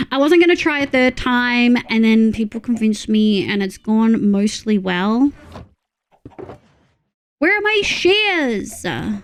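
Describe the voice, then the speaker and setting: Australian woman streamer, casual gaming chat, grumbles and swears, talks to chat as she plays, slightly high voice. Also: smooth.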